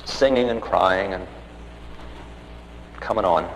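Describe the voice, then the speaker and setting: A man of medium pitch tells a story from his own life, wry and self-mocking, acting out what everyone said. He is heard in a roomy hall with a long reverb tail. A faint ambient hum runs underneath. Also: takes it slowly. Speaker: spiritual teacher telling a story. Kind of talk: storytelling talk.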